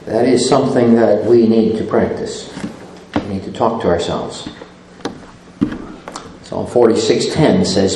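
A man preaching a sermon, slow and deliberate, falling to a near hush on key phrases. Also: lowish voice, very echoey, a little hiss or hum, low-quality recording. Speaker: pastor.

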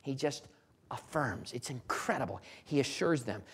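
A preacher working through a sermon with a lively, rising-and-falling pitch. The delivery swings from loud, emphatic bursts down to hushed, low asides. Words get repeated and phrases restarted as the thoughts pile up. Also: normal speed, slightly rough. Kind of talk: expository sermon.

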